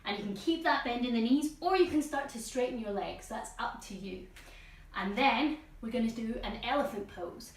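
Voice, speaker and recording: A woman's voice: a little high, moderate pace, distant mic. A woman leading a guided children's yoga lesson at home, playful and encouraging, with silly animal noises. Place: room at home with plants. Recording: echoey room, voice off-mic.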